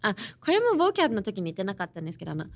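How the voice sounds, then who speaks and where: A woman's voice: mid-range voice, wildly swooping pitch, very fast. A young woman from Los Angeles, teaching a lesson in a chatty way and mixing in Japanese. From Los Angeles, USA. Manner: chatty, easily mixes English and Japanese, explains with examples. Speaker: language teacher and host. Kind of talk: casual podcast language lesson.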